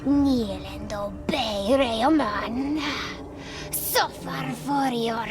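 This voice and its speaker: Casting: a whispery vampire woman, foreign-sounding, very slow, game music behind. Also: a little high. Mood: menacing. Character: hissing female vampire foe. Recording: game audio under music.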